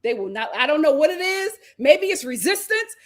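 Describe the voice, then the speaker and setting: A young woman hosts a live reality show recap. Her voice sits high, and her delivery is animated, chatty and full of slang asides. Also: normal speed. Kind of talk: casual live stream chat.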